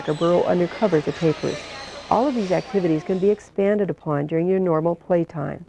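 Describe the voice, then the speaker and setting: A woman reading a scripted narration for an instructional video in a calm, measured way. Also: lowish voice, vocal fry, noisy background. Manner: calm, measured explanatory delivery.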